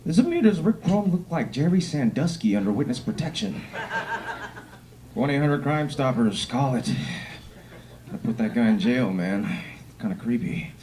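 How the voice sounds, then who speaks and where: A man's voice: normal speed, background noise. A young man doing a stand-up comedy set on a club stage, with a punchy, swaggering delivery. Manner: punchy, swaggering delivery with lively pitch swings.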